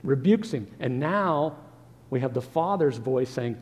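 Earnest preaching man, mellow voice. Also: mid-range voice, animated, a little slow, in a large hall, a little hiss or hum. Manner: earnest, rhetorical questions. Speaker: pastor. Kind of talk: sermon.

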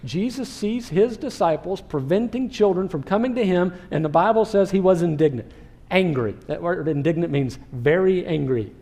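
A man who is a pastor preaching a sermon, animated, sometimes acting out what people in the story say. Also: high-pitched, normal speed. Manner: animated preaching, acts out quoted speech.

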